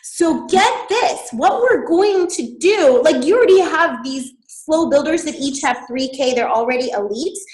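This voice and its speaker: A woman with a high voice walks listeners through a business growth strategy. She talks in an animated way and laughs often. The room around her is echoey. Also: a little slow, hardly any pauses. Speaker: network marketing leader.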